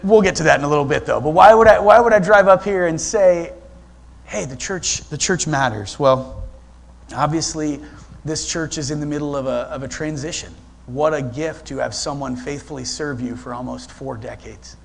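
A middle-aged guest pastor from Ohio preaches in a conversational, storytelling manner, often restarting his sentences. His voice is on the high side and gravelly, and he speaks at a moderate pace.

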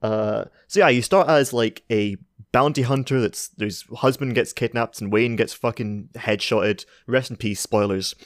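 A man co-hosting a podcast, rambling and halting, with plenty of swearing in casual chat. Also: medium pitch, no room sound, clean studio sound. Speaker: podcast co-host.

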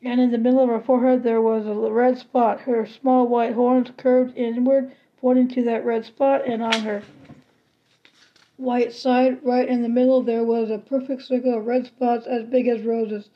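Woman narrator for a children's novel read-aloud; high, level, unhurried, slightly dull lo-fi sound. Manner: steady, plain read with small restarts. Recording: slightly muffled lo-fi recording.

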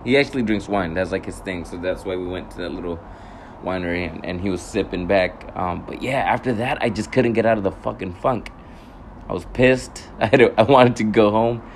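A young man with a deep voice talks fairly quickly over slight background noise, telling his viewers a casual, rambling story. He swears often, corrects himself and laughs at his own anger.

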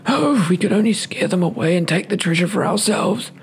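A man voicing an eager, scheming old male hound in a strained, squeaky voice. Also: animated, fairly quick, creaky, a little hiss or hum.

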